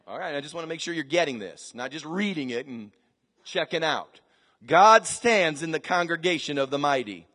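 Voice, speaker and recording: A pastor with a high voice preaches a sermon in a large church hall before a live congregation, swinging dramatically from quiet asides to shouted scripture. The recording carries a long reverb through the echoing space.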